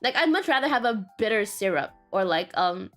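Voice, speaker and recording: A woman's voice: mid-range voice, very animated, fairly quick, fairly bright tone, faint music behind. A woman streamer chatting casually and rambling, often saying "question mark" and laughing.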